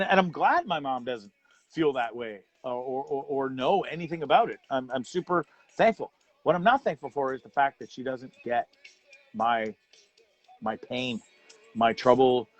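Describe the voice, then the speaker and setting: Rambling livestream host. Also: male voice, a little high. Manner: rambling, candid, greets viewers by name. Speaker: live show host. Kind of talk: livestream chat.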